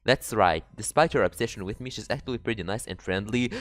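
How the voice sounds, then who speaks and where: A man playing a dating game, reading its text aloud and breaking into excitable, profane jokes. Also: fairly low pitch, fast talker, no echo, soft background music. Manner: excitable, swearing, jokey. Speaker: let's player.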